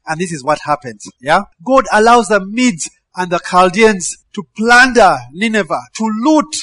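A man preaching with a high, lively voice. He reads the verses, then shouts the commands in them at full force and laughs along with his listeners. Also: no room sound. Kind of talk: sermon.

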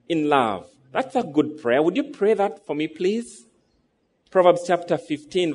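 A man in his thirties delivers a sermon in a voice that sits a little high for a man. He keeps drawing the congregation in with rhetorical questions. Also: a little mellow. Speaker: pastor.

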